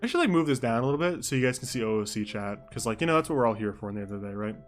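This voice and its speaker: A young man streaming live, narrating a role-play scene in a casual way. He keeps drifting into off-the-cuff asides, and his voice sits at a mid pitch. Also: animated, very fast, soft background music. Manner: rambling asides, mixes narration with chat comments.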